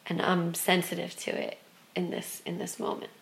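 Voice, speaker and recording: A woman telling a personal spiritual story in an expressive way, moving from excited loudness to hushed softness. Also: lowish voice, normal speed, gravelly.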